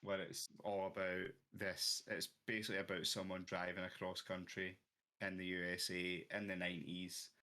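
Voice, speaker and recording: A man's voice: deep voice, level tone, normal speed, bright, forceful tone. A young man co-hosting a casual gaming podcast, rambling and hesitant with lots of ums and jokes. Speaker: podcast co-host.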